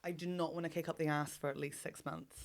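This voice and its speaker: A woman co-hosting a casual comedy podcast, throwing in quick jokey remarks and the odd swear. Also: low-pitched, fairly even intonation. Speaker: podcast co-host.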